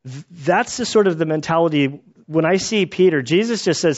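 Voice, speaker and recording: Male Bible teacher, relaxed and chatty, slightly higher voice, muffled recording. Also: moderate pace. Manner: conversational, acts out quotes with laughs.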